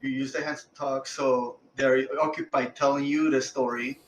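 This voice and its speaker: A man's voice: medium pitch, fairly even intonation, moderate pace, reverberant, slight background noise, poor audio. A man chatting casually on a gaming podcast, laid-back and joking. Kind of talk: casual chat.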